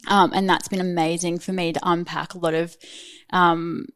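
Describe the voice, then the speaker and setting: A woman's voice: lowish voice, little pitch movement, moderate pace, a bit bright, no echo. A woman around thirty, talking candidly as a podcast guest in a casual chat, full of "like" and "um". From Australia. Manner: candid, chatty, frequent "like" and "um".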